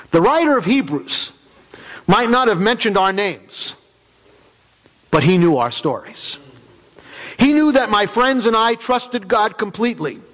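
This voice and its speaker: A man's voice: high-pitched, fairly bright tone. A man preaching in character as a biblical figure, telling the story dramatically and emphatically in a church sanctuary. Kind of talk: first-person character sermon. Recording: reverberant hall.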